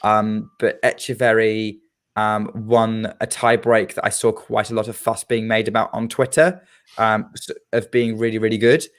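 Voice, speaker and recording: A man's voice: on the low side, little pitch movement, normal speed. A man co-hosting a tennis podcast, talking casually and hesitantly with many filler sounds. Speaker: podcast co-host.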